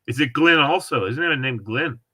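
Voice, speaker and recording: A man's voice: medium pitch, brisk, bright, forceful tone, slightly rough, no echo. A man hosting a casual chat, rambling and chatty, often trailing off mid-thought.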